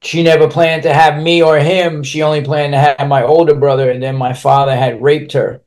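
A man's voice: on the high side, little pitch movement, moderate pace, darkish tone. A man speaking as a podcast guest, telling a personal story candidly and bluntly, swearing freely and restarting his sentences as he rambles on.

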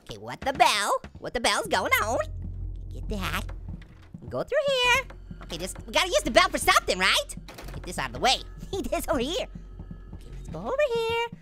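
A performer voicing a hyper, wisecracking male talking orange in a pitched-up, squeaky voice, taunting and giggling while commenting on a game. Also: huge pitch swings, normal speed, heavily acted. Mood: sneaky. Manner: taunting, loud exclamations, frequent laughs. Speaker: let's play host. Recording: loud game music behind the voice. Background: loud game music.

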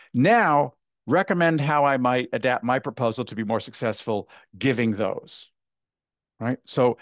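A man giving an animated, chatty webinar lecture, full of fillers and restarts, as a workshop presenter. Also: medium pitch, no room sound. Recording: dull lo-fi webinar audio.

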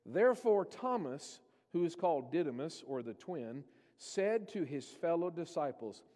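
A man's voice: fairly high pitch, very animated, a little slow, warm tone. A man preaching a sermon, telling scripture stories and acting out the voices of the people in them. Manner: storytelling, acting out quoted voices. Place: church sanctuary. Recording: church hall reverb.

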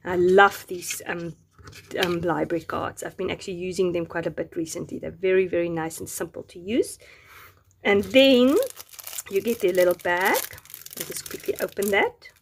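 A woman's voice: on the low side, moderate pace, vocal fry, breathy edge. A woman casually showing and using Bible journaling craft supplies, gushing over each item. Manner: gushing, admiring every item.

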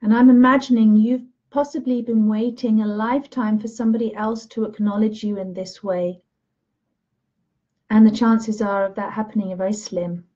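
A woman teacher leading a guided self-love session in a slow, soothing, gentle way. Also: medium pitch, steady tone, highs cut off. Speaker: spiritual teacher.

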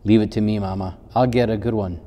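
A man voicing a cheerful, eager young boy in a storybook, with a quick, bouncy manner. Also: on the low side, steady tone, mellow, big-room sound, close to an everyday voice.

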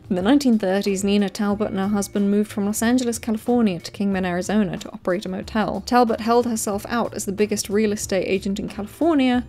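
A woman hosting a comedic commentary video. She reads facts aloud and keeps breaking off into sarcastic, excited reactions. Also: a little high. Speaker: video host.

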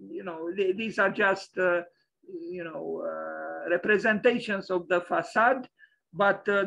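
A man's voice: sits high, vocal fry, fairly bright tone, low-quality recording. A man giving an opinionated lecture over slides, hesitant and full of fillers.

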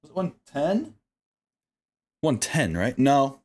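A man's voice: medium pitch, slow pace. A man streaming live, commenting as he plays, talking to himself, swearing often, and coaxing himself through each attempt. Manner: animated self-talk, frequent swearing.

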